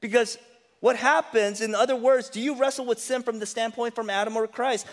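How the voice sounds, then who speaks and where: A man's voice: extremely high pitch, fairly even intonation, brisk, big-room sound. A man preaching a sermon as pastor, conversational and humorous, acting out inner voices.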